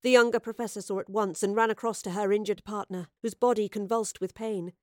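A woman's voice: medium pitch, dry recording. Woman narrating an audiobook, close and dry. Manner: measured, expressive storytelling.

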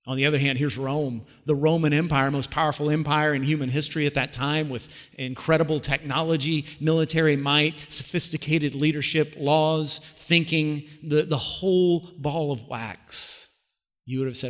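A man's voice: on the high side, fairly even intonation, normal speed. A man preaching a sermon as a pastor, telling the story in a conversational way and asking the listeners questions. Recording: long hall reverb.

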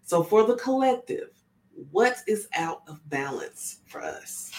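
A woman's voice: medium pitch, big pitch swings, a little slow. A woman reading oracle cards in a casual live session, chatty and often checking in with her listeners. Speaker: spiritual oracle card reader. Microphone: camera on tripod with ring light.

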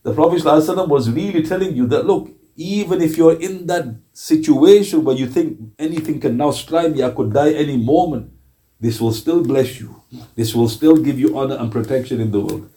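A man teaching a Quran class in a relaxed, mellow voice that sits somewhat high. He tells his stories with lively energy and turns to make asides to the students. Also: brisk. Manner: animated storytelling, with asides to the class. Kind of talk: religious class lecture.

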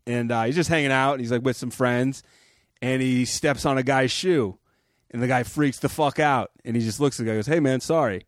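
A man's voice: medium pitch, fairly even intonation, brisk, dry recording, studio quality. Rambling male comedian in casual chat. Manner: rambling, restarting storyteller. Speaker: comedian guest.

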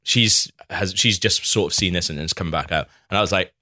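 Young guy, low-ish bright voice, spins a story with lots of pitch swings. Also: fairly quick, hardly any pauses, no room sound, clean studio sound. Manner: animated anecdote-telling, laughs often, acts out quotes. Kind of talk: casual chat, storytelling.

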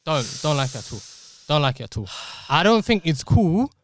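A young man, co-hosting a casual podcast, talking quickly and emphatically and repeating points for effect. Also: fairly high pitch, very animated, no room sound. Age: young adult. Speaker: podcast co-host. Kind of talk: casual chat.

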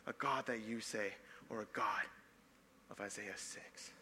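A young adult man, a pastor preaching a sermon, swinging between loud emphatic passages and soft hushed ones. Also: fairly low pitch, a little slow, in a large hall, a little hiss or hum.

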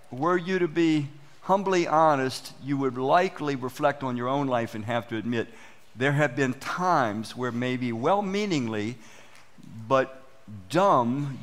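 Lively man preaching a sermon. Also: medium pitch, measured pace. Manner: animated storytelling, acts out quoted exchanges. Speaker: pastor. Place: church.

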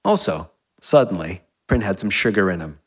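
A man's voice: low voice, big pitch swings, moderate pace, husky, long reverb tail. A man reading his own comic fiction aloud to a live audience, breaking off with wry asides.

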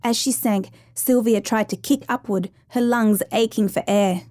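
Female narrator for a true survival story, measured and suspenseful, warm dry tone. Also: fairly high pitch, fairly even intonation, dry recording.

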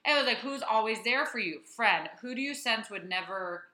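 A young adult woman co-hosting a podcast, chatting casually in an animated, playful way. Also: a little high, moderate pace. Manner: animated, chatty, playful echoing of her co-host. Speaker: podcast co-host. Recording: roomy echo.

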